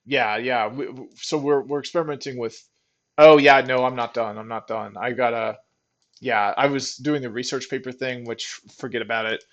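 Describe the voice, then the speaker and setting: Man, casual commentary, excited, rambling, mid pitch. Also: moderate pace, muffled recording. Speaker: programmer testing his own app. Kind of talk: casual screen-recording commentary.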